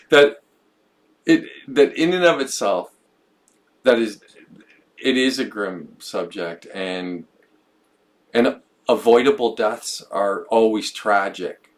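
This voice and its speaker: A man with a fairly low voice talks through ideas on a podcast. He muses, repeats himself and restarts phrases as he thinks aloud. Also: animated, slow, long pauses. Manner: musing, stumbles and repeats words. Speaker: podcast co-host. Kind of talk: reflective conversational podcast talk.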